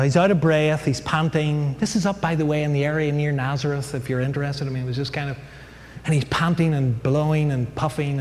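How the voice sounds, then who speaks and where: A man's voice: on the high side, darkish tone. A man giving a humorous Bible lecture to an audience, chatty and digressive, with many fillers and jokes. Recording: long hall reverb, faint noise.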